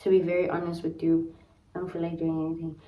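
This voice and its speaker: A woman's voice: sits low, completely flat delivery, quick pace, mellow. A young South African woman talking casually to her camera, chatty and dramatic, slangy, laughing often. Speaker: vlogger. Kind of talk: casual vlog talk to camera.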